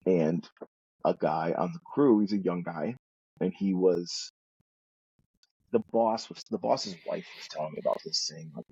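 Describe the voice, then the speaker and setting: A man's voice: low voice, a little slow, pauses often, mellow, slightly rough, no echo, lo-fi sound. A man telling his story as a guest in a recovery talk, earnest and rambling, often restarting his sentences. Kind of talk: candid personal storytelling.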